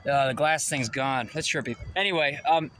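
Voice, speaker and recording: A young man vlogging outdoors beside his car, telling a rambling, excitable story and swearing freely. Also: mid-range voice, moderate pace, slight background noise. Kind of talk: casual vlog storytelling. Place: outdoors by a tree near his parked car.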